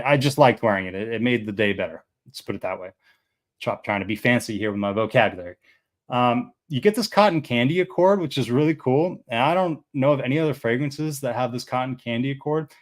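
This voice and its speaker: A man's voice: mid-range voice, lively intonation, a little fast. A man of about thirty reviewing fragrances in a casual, rambling chat, full of fillers and easy enthusiasm.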